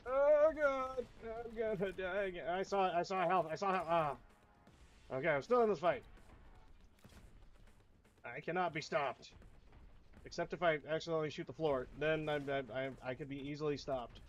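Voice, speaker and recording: A man giving casual let's-play commentary, swearing at enemies and whining about his play in loud, repetitive outbursts. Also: a little high, normal speed, long pauses, lo-fi sound, faint music behind. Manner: profane, whiny trash talk at enemies; excitable outbursts and repeated phrases. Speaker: gamer.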